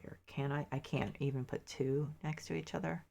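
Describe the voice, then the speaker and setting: A woman's voice: low voice, fairly even intonation, moderate pace, creaky, warm tone. A woman casually chatting to her viewers while playing a game, thinking aloud with mild frustrated asides, a little sleepy. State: sleepy, yawning. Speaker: game streamer. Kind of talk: casual gameplay commentary.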